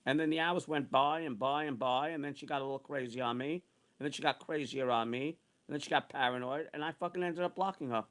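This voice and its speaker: A man's voice: fairly high pitch, steady tone, fast, fairly bright tone. A man in his sixties ranting angrily and repetitively, cursing often and repeating himself as he tells a grievance. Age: 60s. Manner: heated, repetitive, profane ranting. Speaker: online streamer. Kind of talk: angry ranting monologue.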